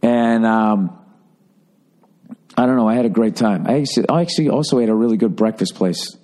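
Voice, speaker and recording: A man's voice: on the low side, brisk. A middle-aged man from the Boston area hosting a podcast, telling a rambling, profanity-laced story in a casual monologue. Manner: profane, rambling, animated when doing quoted voices. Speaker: podcast host.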